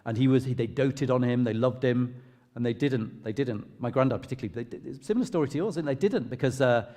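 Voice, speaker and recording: A middle-aged English vicar sharing a personal testimony in church, in a conversational, self-deprecating storytelling way. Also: male voice, mid-range voice, fast talker, dark tone. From England. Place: church hall. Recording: long reverb of a large hall.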